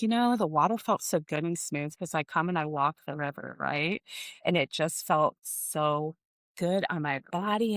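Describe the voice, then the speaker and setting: Effusive middle-aged woman, low voice. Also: a bit bright, no room sound, studio quality. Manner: emotional, effusive, addresses listeners as "you guys"; rambling with many "like" fillers and restarts. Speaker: podcast host. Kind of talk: casual personal monologue.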